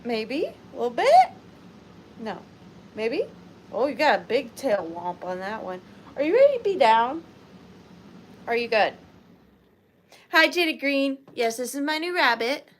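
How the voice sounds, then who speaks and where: A young woman with a Southern US accent, sleepy, hosting a chatty live vintage sale from a chair at home and cooing at her pet rabbit in sing-song baby talk. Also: high-pitched. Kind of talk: chatty live stream greeting viewers. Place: home room, seated in a chair.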